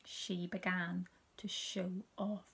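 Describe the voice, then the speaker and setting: A woman reading a children's story aloud, soft and gentle, often dropping to a whisper. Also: lowish voice, little pitch movement, takes it slowly, vocal fry.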